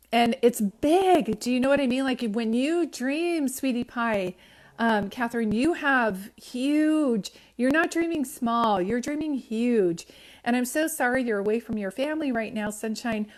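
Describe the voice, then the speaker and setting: A woman speaks casually into her phone on a live stream, giving psychic readings to viewers. Her voice sits a little high, and her talk is affectionate and rambling, with many restarts and pet names like sweetie pie and sunshine.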